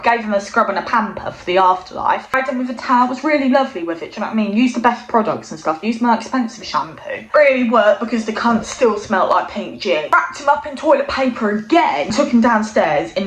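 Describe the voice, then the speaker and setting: Sweary woman telling a comic story. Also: mid-range voice. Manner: casual, sweary, deadpan storytelling. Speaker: vlogger. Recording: roomy echo.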